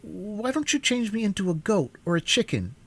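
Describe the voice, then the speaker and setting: A frightened young boy, his voice pushed well up in pitch, pleads and protests with anxious urgency, as a man puts him on. He turns stubborn and rebellious in a storybook reading, and his voice swings widely. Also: big pitch swings, moderate pace, full character voice.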